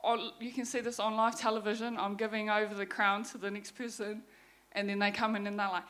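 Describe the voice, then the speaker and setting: A woman's voice: mid-range voice, brisk. Frank young New Zealand woman. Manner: frank, swears freely, animated retelling. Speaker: guest speaker sharing her story. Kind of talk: candid personal testimony talk.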